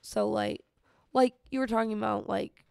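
Gravelly young woman, chatty podcast guest. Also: medium pitch, normal speed, dry recording, clean studio sound. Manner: rambling, lots of fillers, animated musing. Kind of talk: casual chat.

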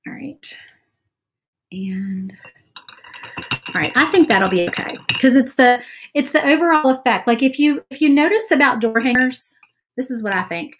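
A woman's voice: high-pitched, expressive, normal speed, pauses often, slight background noise. A woman chatting casually while she paints on a livestream, self-doubting and saying "y'all" often. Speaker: craft livestream host.

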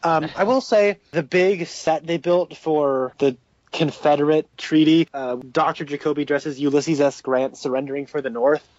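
A man's voice: a little high, fairly even intonation, moderate pace, a little mellow, no room sound, dull audio. A young man co-hosting a casual podcast chat, offhand and mildly sardonic. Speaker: podcast co-host.

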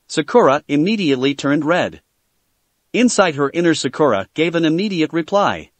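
A man reads a fan fiction story aloud with steady, plain storytelling. His voice is fairly high and moves lively through the lines. The recording is close and dry. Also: normal speed, no echo. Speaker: narrator.

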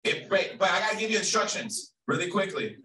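A man leading a group activity at an event, energetic and playful as he calls out to the crowd. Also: high voice, fairly quick, distant mic, rough recording. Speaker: workshop facilitator. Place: large event hall.

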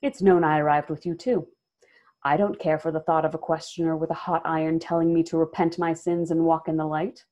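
A woman reading aloud voices a scornful, wary old minstrel man. His warnings come out in a low, mellow tone that drops at times to an ominous softness. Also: flat delivery, fairly quick, natural voice.

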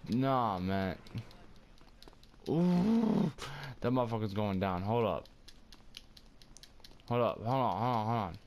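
A young man giving casual gameplay commentary, loud, excitable and cursing heavily, quick to get angry. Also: on the low side, smooth, muffled recording. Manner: loud, excitable, heavy cursing, hot-tempered. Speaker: gaming streamer.

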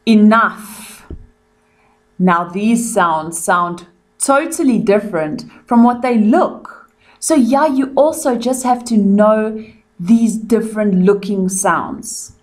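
A South African woman teaching young children, pronouncing words clearly and repeating them in a revision lesson. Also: medium pitch, lively intonation, slow pace, darkish tone.

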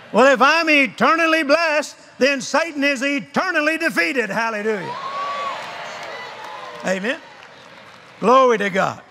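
Older male preacher, drawn-out emphatic delivery, bright tone, large convention hall. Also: high voice. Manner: emphatic, repetitive, leads crowd call-and-response. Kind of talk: sermon. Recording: long hall reverb.

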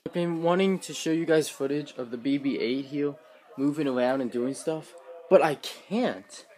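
A man's voice: a little high, normal speed, a little mellow. Rambling, self-mocking young man at home. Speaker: vlogger. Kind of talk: casual chat vlog. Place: at home, sitting on the floor.

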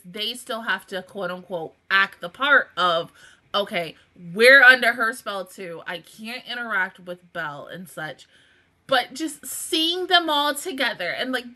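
A woman hosting a casual anime reaction review, emotional and swearing freely, dropping from low mutters to laughing, near-tearful outbursts. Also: bright, forceful tone.

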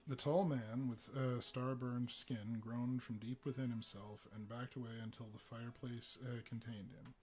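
A man reading a story aloud for a live reading, with steady pacing and the odd filler. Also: mid-range voice, moderate pace, few pauses, breathy edge, faint music behind. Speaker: reader.

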